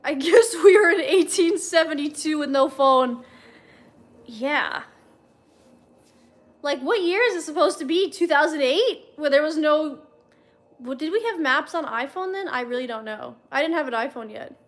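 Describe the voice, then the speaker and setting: Reading fanfiction to her livestream audience, a young woman breaks off now and then for wry, conversational comments to viewers. Her high voice is expressive and moves at a moderate pace.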